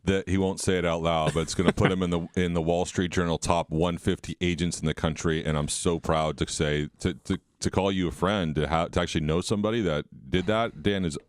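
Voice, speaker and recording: A man's voice: low-pitched, steady tone, a little fast, hardly any pauses, clear, resonant tone, no echo. A man co-hosting a radio talk show, telling anecdotes in a rambling, conversational way. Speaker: radio show co-host, mortgage lender.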